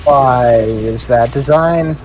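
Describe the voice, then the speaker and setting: Slow, musing guest over faint music. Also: medium pitch, darkish tone, low-quality recording. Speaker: guest on a gaming stream. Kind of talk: casual chat.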